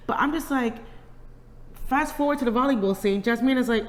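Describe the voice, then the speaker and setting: A woman at a middle pitch chats through a reality show review, retelling scenes and slipping into the cast's voices. Her voice carries a long reverb, like a room with hard, bare walls. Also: fast talker. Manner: chatty storyteller, acts out the cast's lines. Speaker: co-host of a reality TV review channel. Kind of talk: casual review chat.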